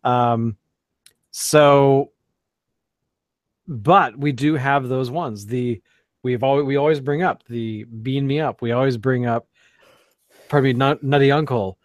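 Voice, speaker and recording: On a casual beer podcast, a Canadian co-host rambles, using many fillers and restarts. His mid-range voice stays steady, moving slowly with long pauses, and the recording is dry.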